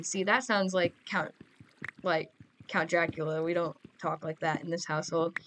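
A woman's voice: fairly low pitch, steady tone, normal speed, fairly bright tone, a little hiss or hum. A teenage girl giving casual, goofy gameplay commentary, chatting and rambling to her audience. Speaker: gamer.

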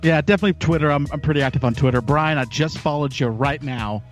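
A man's voice: on the high side, quick pace, over music. A man as a podcast guest in casual chat, opinionated and rambling with frequent restarts. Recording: dull lo-fi call audio.

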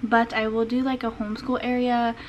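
Woman vlogger, fairly high voice, chatty and laughing, a bit out of breath, faint hiss in the room. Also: little pitch movement, a little fast, poor audio. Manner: chatty, laughs often, baby talk with her son. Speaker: vlogger and homeschool mom. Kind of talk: casual vlog chat. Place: home kitchen, indoors.

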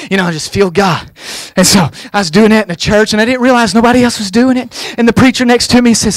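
A male guest pastor preaching a revival sermon in a church, fervent, with folksy humor, swinging from quiet asides to loud shouted calls. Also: high voice, steady tone, fast, hardly any pauses, no echo.

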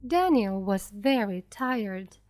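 A woman narrating a graded reader story slowly and clearly for language learners. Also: mid-range voice, lively intonation, darkish tone, dry recording. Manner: slow, clear, carefully paced for learners.

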